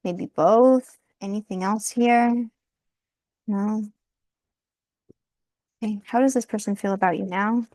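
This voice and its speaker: A woman's voice: mid-range voice, steady tone, takes it slowly, long pauses, dark tone, no room sound. A woman doing a casual tarot card reading, thinking aloud, often breaking into laughter and apologizing. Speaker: tarot reader.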